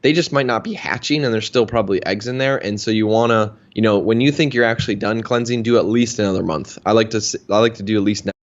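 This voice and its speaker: In this dull-sounding audio, a man who works as a health practitioner talks fast and barely pauses. His voice sits on the low side as he casually recounts a lengthy personal story for an interview, loose and chatty and packed with fillers.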